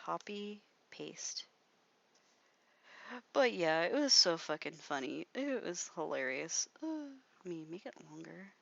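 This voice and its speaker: A woman's voice: deep voice, sing-song, takes it slowly, vocal fry. Rambling young woman livestreaming her drawing. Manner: rambling storytelling, constant "like" fillers and frequent swearing; mutters softly to herself while drawing. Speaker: artist livestreaming while drawing. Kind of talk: casual rambling livestream commentary. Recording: slightly dull lo-fi mic, dry.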